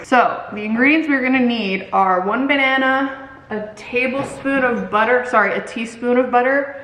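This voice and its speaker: A woman's voice: on the high side, unhurried, a bit bright, reverberant, poor audio. A woman in her thirties chatting casually in her home kitchen while she cooks, giggly and dramatic. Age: 30s. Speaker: vlogger. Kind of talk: casual chat.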